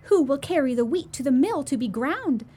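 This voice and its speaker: A woman reading a storybook aloud, voicing a hardworking little mother hen who calls out briskly and hopefully. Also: high voice, lively intonation, warm tone, voice pushed up. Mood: calling hopefully.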